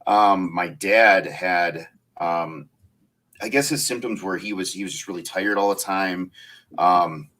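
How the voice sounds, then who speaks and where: A man hosts a relaxed conversation over drinks, his voice low and unhurried. He rambles through stories with frequent ums and pauses, breaking into easy laughter. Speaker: podcast host. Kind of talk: casual chat.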